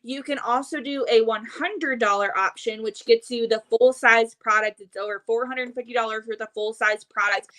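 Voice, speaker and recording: A woman hosting a live stream, brisk and upbeat as she explains offers. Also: on the high side, steady tone, a bit bright. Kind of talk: live stream sales talk.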